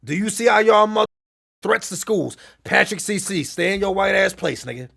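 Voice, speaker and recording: A man's voice: high voice, expressive, moderate pace, vocal fry, fairly bright tone. A man streaming, telling blunt, profane stories and answering his chat in heated casual talk. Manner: reads and answers chat messages. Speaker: gaming streamer.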